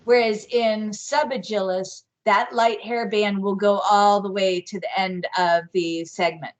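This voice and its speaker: A woman teaching bee identification on a video call, explaining slowly and carefully with frequent fillers. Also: mid-range voice, fairly even intonation. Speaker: guest bee expert. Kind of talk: live online workshop teaching.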